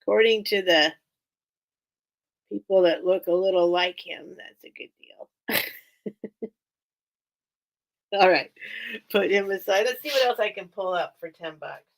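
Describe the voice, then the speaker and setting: A woman's voice: lowish voice, normal speed, gravelly, pauses often. A woman hosting a live online sale, chatting casually and rambling as she shows off her items, often breaking into giggles. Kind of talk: casual live-stream sales chat.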